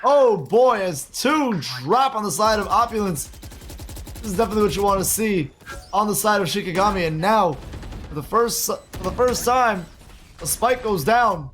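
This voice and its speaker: A man calling live esports play-by-play, excitable, with quick exclamations and frequent laughs. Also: sits high, soft background music.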